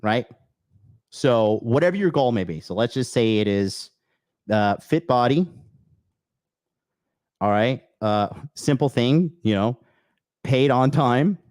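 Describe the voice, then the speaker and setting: Medium in pitch but darkish in tone, this podcast host speaks slowly with long pauses and lively intonation. He goes on a foul-mouthed motivational rant, responding to chat, bursting out emphatically and repeating key phrases along with a constant "okay?", all in a dry, studio-quality recording.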